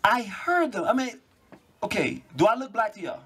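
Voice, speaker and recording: A man giving an animated public lecture to a live audience, telling stories with mocking asides. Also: sits high, normal speed, husky. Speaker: public speaker. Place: cultural venue before a live audience.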